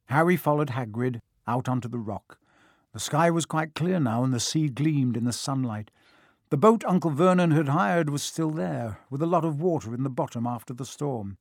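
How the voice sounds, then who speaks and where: A man narrating a children's fantasy audiobook in a steady storytelling manner, recorded in a studio. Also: medium pitch, normal speed, no echo. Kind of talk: scripted narration.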